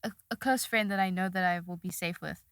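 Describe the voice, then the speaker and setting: A woman's voice: lowish voice, steady tone, fairly quick, fairly bright tone, clear, resonant tone, no room sound, studio quality. A young woman talking casually as a podcast guest, rambling and self-deprecating, laughing now and then. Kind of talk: casual chat.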